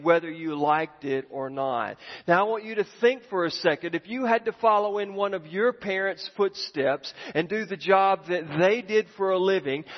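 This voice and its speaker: A man's voice: high-pitched, long reverb tail, highs cut off. A male pastor giving a sermon in a conversational, storytelling way, with the odd restart.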